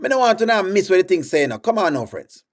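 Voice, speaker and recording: A man's voice: high-pitched, big pitch swings, quick pace. A man with a Jamaican accent hosting a casual livestream, coaxing viewers and repeating himself as he reads their comments aloud.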